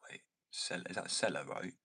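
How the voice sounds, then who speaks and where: A man's voice: sits low, normal speed, vocal fry, bright, forceful tone, breathy edge, low-quality recording. An American man rambling and joking in a casual chat with his viewers, swearing freely. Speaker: streamer chatting with viewers.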